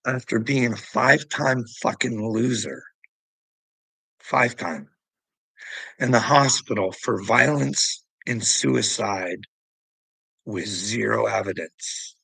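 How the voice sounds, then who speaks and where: A man's voice: on the low side, lively intonation, takes it slowly, gravelly, long pauses, bright, forceful tone, slightly rough, no echo, low-quality recording. A middle-aged man delivering an agitated, profane vlog rant. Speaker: vlogger. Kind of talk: ranting vlog monologue.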